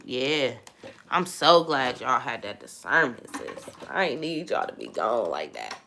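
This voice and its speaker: A young woman hosting a casual livestream chat, animated and exclamatory, talking straight to her viewers. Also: sits low, a little hiss or hum. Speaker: host.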